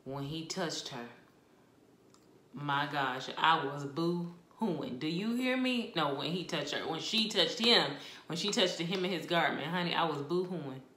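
Woman, book vlogger, casual chatty reviews, expressive, low voice, echoey room. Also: unhurried. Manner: expressive, chatty, with laughs and asides.

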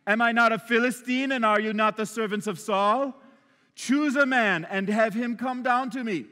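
A man's voice: very high voice, normal speed, pushed and bright, voice pushed up. A man playing a boastful taunting giant. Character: huge taunting male giant warrior, boastful. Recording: long hall reverb.

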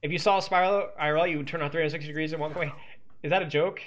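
A man's voice: fairly high pitch, fairly even intonation, very fast, fairly bright tone, lo-fi sound. A man coaching as he analyzes a game replay, teasing and sarcastic, cracking jokes between points. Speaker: esports coach.

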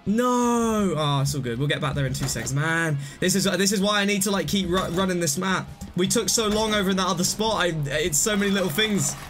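With music playing, a young man streams gameplay commentary in a high voice, talking fast with hardly any pauses. He rambles, laughs at his own mistakes, and sometimes breaks into excited outbursts.

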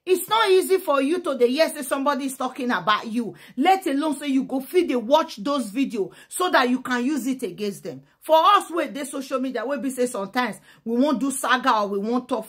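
A Nigerian woman with a high, bright-toned voice talks straight to camera in a fired-up rant. She speaks with a strong Pidgin accent, sliding between Pidgin and English and hammering her points with emphatic, fiery force. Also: expressive, a little fast, hardly any pauses. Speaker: social media commentator.

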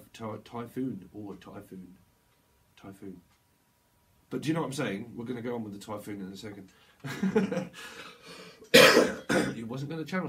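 A man's voice: mid-range voice, a bit bright. Rambling man reading tarot. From United Kingdom. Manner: rambling, laughs often, acts out little quoted voices. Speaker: tarot reader. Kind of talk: channeled tarot reading to camera.

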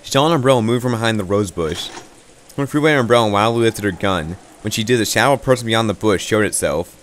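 A man's voice: on the low side, fast talker, a bit bright, a little hiss or hum. A man narrating an amateur visual novel reading who stumbles and repeats words as he goes.

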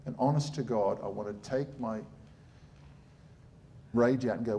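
A man's voice: medium pitch, a little slow, warm tone. A middle-aged man, a surgeon giving a blunt, sarcastic public talk.

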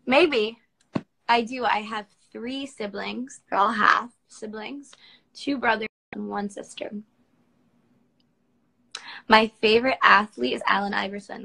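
A young woman in her twenties with a bright, crisp voice pitched a little high. She chats casually into her phone, reading out viewers' comments and answering them. She is from Washington, D.C., and talks from home. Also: steady tone, slow pace, long pauses, poor audio. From Washington, D.C., United States. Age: 20s. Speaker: model answering fans on a livestream. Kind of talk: casual livestream Q&A.

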